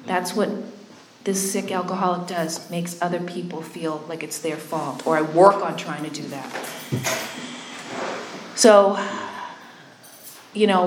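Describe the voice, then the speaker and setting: A woman's voice: lowish voice, fairly even intonation, slow, pauses often, slight background noise. A woman telling her recovery story in a conversational way, candid and self-deprecating, often checking in with her listeners. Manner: conversational, keeps checking in with "right?". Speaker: speaker sharing a recovery story. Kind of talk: personal testimony talk. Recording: echoey room.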